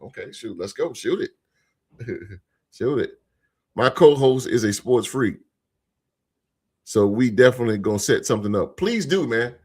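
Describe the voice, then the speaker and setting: A man hosting a sports podcast live, chatting casually with his live chat in a relaxed, repetitive way, speaking. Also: mid-range voice, normal speed, slightly rough. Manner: laid-back, repeats phrases, shouts out chat members.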